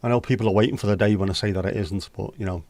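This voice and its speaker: Racing through his lines in a fairly low, darkish voice with fairly even intonation, a man hosts a casual virtual pub livestream in a dry recording. He reads viewers' comments and banters with chat in a chatty, joking way.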